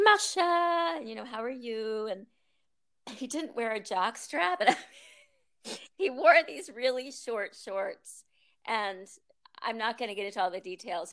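A woman's voice: medium pitch, creaky. A woman yoga teacher telling stories in a casual interview, chatty, laughing often, with many ums and restarts.

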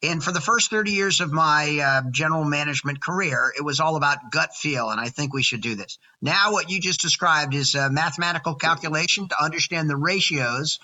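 A man in his sixties chats as a podcast guest in a very bright, forceful voice, with a slightly high pitch. He sounds energetic and jokey, and he often counts off his points one by one. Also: a little fast, hardly any pauses, rough recording. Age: 60s. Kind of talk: casual chat.

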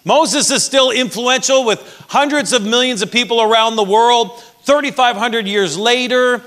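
A man's voice: very high voice, normal speed, fairly bright tone. A man with a Canadian accent preaching a sermon as pastor, conversational with dry jokes.

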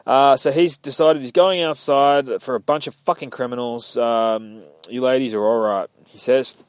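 A man's voice: medium pitch, steady tone, normal speed, no echo. A man hosting a casual comic podcast, retelling a story in a profane, laid-back way and jumping into voices for the characters. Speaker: comic book podcast host. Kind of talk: casual comic recap with acted dialogue.

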